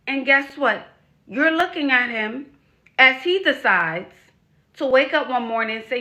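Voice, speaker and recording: A woman life coach talks straight to the camera with a bright, forceful tone that sits a little high. She drives each point home by repeating it and tossing out rhetorical questions, speaking frankly to young women. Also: animated, unhurried. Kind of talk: direct-to-camera advice vlog.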